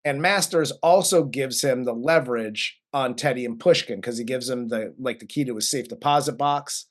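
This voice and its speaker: A man co-hosting a movie review, casually recapping the plot, relaxed and profane with frequent laughs. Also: mid-range voice, moderate pace. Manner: laid-back, profane, laughs often. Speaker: co-host of a movie review show.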